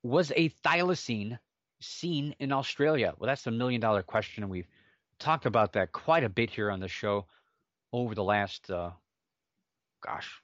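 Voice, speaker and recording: A man's voice: fairly low pitch, dry recording, highs cut off. A man hosting a solo podcast, rambling casually with self-mocking jokes and sidetracks. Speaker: podcast host.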